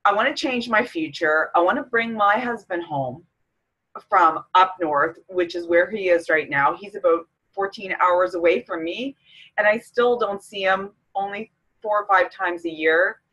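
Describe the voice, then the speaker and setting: A woman's voice: mid-range voice, measured pace, bright, forceful tone, slightly rough, muffled recording. Tearful middle-aged woman from Canada. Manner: emotional, tearful, candid. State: close to tears. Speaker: fitness coach. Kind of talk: personal vlog talk to camera.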